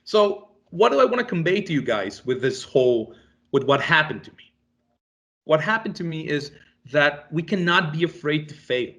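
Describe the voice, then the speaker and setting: A young man giving a storytelling talk to an audience, animated and acting out the dialogue he quotes. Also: a little high, normal speed. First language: Spanish. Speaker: speaker.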